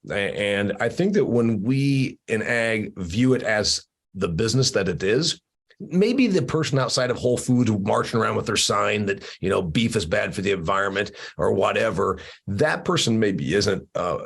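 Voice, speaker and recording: A man's voice: on the low side, expressive, moderate pace, breathy edge. A man hosting an opinionated discussion over a video call, emphatic and teasing, with many restarts. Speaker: podcast host.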